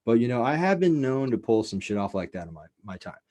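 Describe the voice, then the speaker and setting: A male show host tells a loose, rambling story full of profanity and filler words in a casual way. His mid-range voice moves quickly, with big swings in pitch and a somewhat dark tone.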